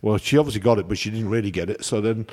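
A man's voice: lowish voice, very fast. A man, a chef, chatting casually and telling rambling anecdotes. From England. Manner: rambling, anecdotal, animated storytelling. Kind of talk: casual chat.

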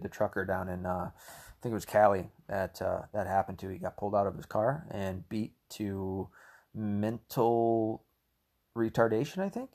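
Man, deep voice, husky, heated profane rambling commentary. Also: mellow. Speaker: political commentator. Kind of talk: ranting solo commentary.

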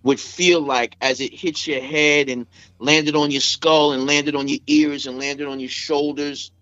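This time the New York rapper from Staten Island sounds bright and forceful, his fairly high voice steady and a little slow, while he tells a casual, emotional story in a rambling way packed with fillers like "you know what I'm saying." The podcast recording is dull and dry with no room sound.

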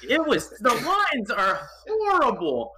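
A man's voice: extremely high pitch, huge pitch swings, slow, bright, forceful tone, a little hiss or hum, low-quality recording. A man in casual chat, ranting with exasperation about a film he disliked. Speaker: podcast co-host.

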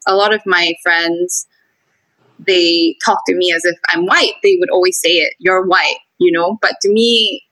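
A woman from Singapore sharing her experiences in a casual chat, telling stories in a lively, expressive way. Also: medium pitch, no room sound, poor audio. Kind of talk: casual conversation.

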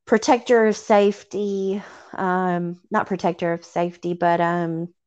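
A woman's voice: lowish voice, level tone, a little slow, a little mellow, clean tone. A woman in her thirties from Tennessee with a Southern accent, chatting casually as a podcast co-host in a rambling, self-deprecating way with some swearing. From Tennessee, USA. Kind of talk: casual chat. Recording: dull lo-fi sound.

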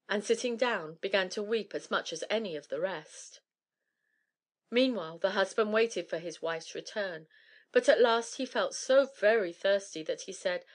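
Woman narrator, measured storybook reading, middle pitch.

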